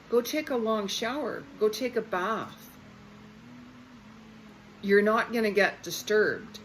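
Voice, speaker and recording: A woman's voice: mid-range voice, slow pace, pauses often, slight background noise, rough recording. Chatty woman giving spiritual advice. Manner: chatty, repeats herself, says okay often. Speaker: psychic reader. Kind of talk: casual spiritual talk to viewers.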